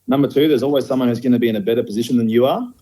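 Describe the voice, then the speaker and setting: A man's voice: mid-range voice, racing, mellow, rough recording. A middle-aged man with an Australian accent, a firefighter guest talking candidly and bluntly, with lots of fillers. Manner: blunt, outspoken, frequent fillers. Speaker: guest, firefighter station officer. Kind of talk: candid conversational interview.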